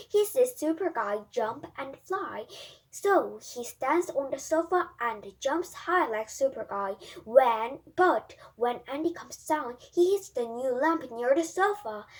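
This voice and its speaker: Storybook narrator: woman, high voice, careful read-aloud with slight slips. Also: breathy edge. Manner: careful reading with small slips. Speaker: storybook reader. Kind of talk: reading a children's storybook aloud.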